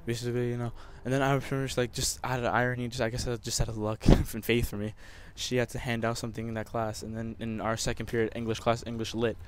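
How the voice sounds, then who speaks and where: A man's voice: medium pitch, flat delivery, fast, few pauses, slight background noise. A young man telling a personal story over gameplay commentary, emotional and rambling, with many restarts. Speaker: gamer.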